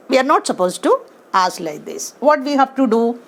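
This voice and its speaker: A woman's voice: sits high, big pitch swings, vocal fry. A woman teaching grammar to her class, speaking, stressing words and asking the class questions. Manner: slow, emphatic, asks the class questions. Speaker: English teacher.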